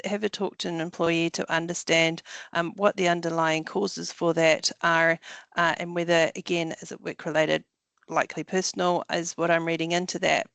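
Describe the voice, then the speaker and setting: Gravelly, flat-voiced New lawyer. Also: medium pitch, no echo. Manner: measured, many ums and restarts. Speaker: employment lawyer presenting. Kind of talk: webinar Q&A answers.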